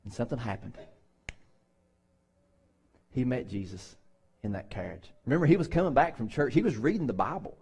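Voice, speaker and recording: A man's voice: medium pitch, animated, brisk, long pauses, darkish tone, husky. A man pastor preaching a sermon in a conversational way, acting out the people in Bible stories with voices.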